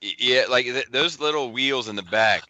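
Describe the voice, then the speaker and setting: A man's voice: medium pitch, moderate pace, sharp tone, dry recording, muffled recording. A man co-hosting a podcast, rambling and hesitating as he speaks. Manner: rambling, full of fillers. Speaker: podcast co-host. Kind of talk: casual podcast chat.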